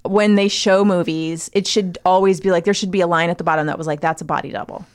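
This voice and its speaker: A woman's voice: fairly low pitch, fairly even intonation, fast talker, clean tone, no room sound, clean studio sound. A woman co-hosting a podcast in casual chat, opinionated and acting out her own reactions. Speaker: podcast co-host.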